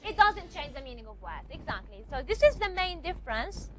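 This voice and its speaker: A woman's voice: sits high, very animated, fairly quick, lo-fi sound. A woman teacher giving a classroom lecture, explaining step by step and often checking with the class.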